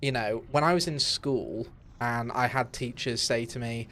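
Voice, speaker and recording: A man's voice: mid-range voice, a little slow, pushed and bright. A young man streaming a game from his home setup, talking in a candid, rambling way with many fillers and restarts. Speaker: gaming streamer. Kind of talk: casual live-stream chat while playing.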